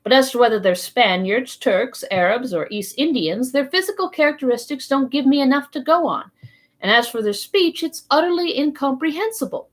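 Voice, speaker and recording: A woman's voice: high voice, lively intonation, moderate pace, voice pushed up. A woman reading aloud, voicing a courteous, learned professor who speaks earnestly and coaxingly, rising to exclamations. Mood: reasoning. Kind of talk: read-aloud storybook voice.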